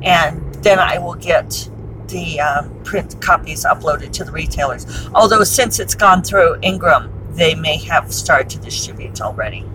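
Driving in her car, this middle-aged author-podcaster films a casual commute vlog in a low-pitched voice at a measured pace. She's talkative and wry, tossing in laughing asides, with background noise in the recording.

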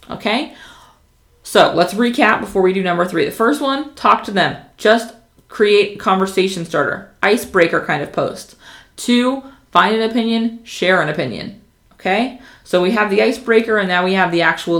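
A woman giving casual social media marketing tips, talking fast and with passion, with plenty of fillers. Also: mid-range voice, a bit bright, roomy sound. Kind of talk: casual instructional talk to camera.

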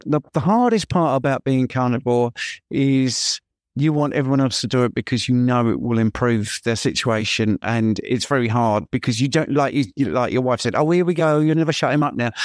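A man's voice: medium pitch, animated, fairly quick, no room sound, clean studio sound. A man hosting an interview, chatty and loose, often restarting his questions mid-sentence. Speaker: interview host. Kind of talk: casual interview conversation.

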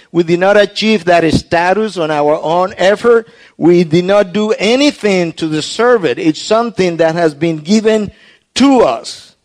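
A man delivering a sermon in an earnest, explanatory way, often restarting his phrases as he works through a text. His voice sits somewhat high for a man, and he speaks slowly and deliberately. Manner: hushed, soft prayer. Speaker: pastor.

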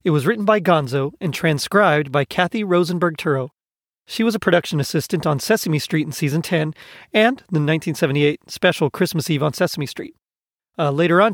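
A man's voice: a little high, dry recording, studio quality. A man casually introducing and reading a magazine story aloud, informative with occasional fillers. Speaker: narrator.

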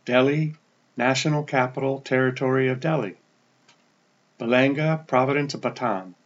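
Casting note: man podcast host, easygoing, list-reading delivery, muffled lo-fi sound. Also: normal speed. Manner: relaxed, stumbles over foreign names and apologizes; pitch drops at the end of each place name. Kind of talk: casual podcast update, reading a list of listener locations.

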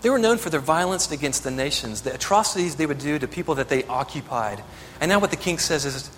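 A man's voice: medium pitch, lively intonation, fast, few pauses, fairly bright tone, long reverb tail, a little hiss or hum. A man preaching a sermon as pastor, earnest and building to emphatic exhortation.

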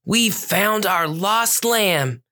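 A storyteller voicing a brave, kind male police cat officer who speaks softly and reassuringly in a children's story. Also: mid-range voice, lively intonation, very slow, voice pushed up, exaggerated voice. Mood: gentle. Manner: gentle, soft and reassuring.

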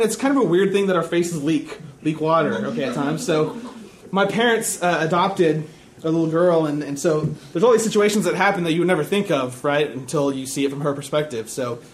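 A young man giving a conversational sermon, chatty and loose, often checking in with the audience and slipping in dry jokes at his own expense. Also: fairly high pitch. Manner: casual, chatty, checks in with "right?" and "okay?"; dry self-mocking humor. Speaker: preacher.

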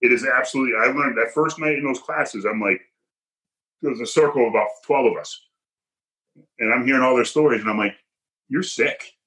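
A man's voice: medium pitch, quick pace, long pauses, bright, forceful tone, rough recording. A man guest in a podcast interview, telling a personal story in an emphatic, punchy way and acting out quoted dialogue.

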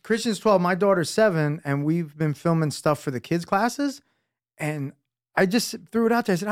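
A man in his thirties on a podcast, speaking a bit higher than most men. He tells stories earnestly and acts out the quotes. The sound is dry, with no room echo. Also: animated, moderate pace. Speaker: podcast co-host, father. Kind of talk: casual podcast chat.

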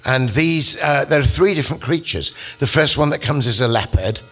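A man giving a literature lecture, telling the story with animated, acted-out quotes. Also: mid-range voice, normal speed.

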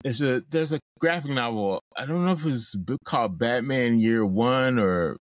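A man's voice: medium pitch, lively intonation, moderate pace, no echo. A man co-hosting a podcast, chatting casually and animatedly about a movie, with fillers and laughs. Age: older than co-host. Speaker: podcast co-host.

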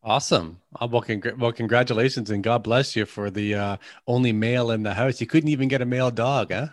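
A man's voice: mid-range voice, fairly even intonation, brisk, dry recording, studio quality. A middle-aged man with a Canadian accent, hosting a podcast interview in an upbeat, chatty, friendly way. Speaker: podcast host. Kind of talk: casual interview chat.

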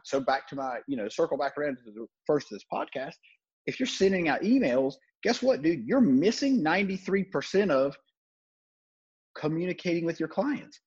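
A man's voice: a little high, darkish tone, breathy edge, muffled recording. A man hosting a podcast, giving blunt, profane sales coaching in a casual talk. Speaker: podcast host.

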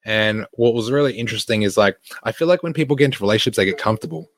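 A man's voice: fairly low pitch, lively intonation, very fast, dry recording. An Australian man, a fitness coach, telling a story in a casual, sweary way and laughing often.

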